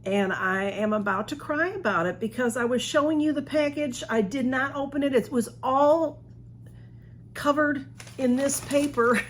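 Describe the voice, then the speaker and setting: A woman talks through an unboxing at home in a chatty, gushing way. She sounds a little flustered and rambling, and her voice sits a touch high. A faint hiss runs under her talk. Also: moderate pace. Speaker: unboxing vlogger.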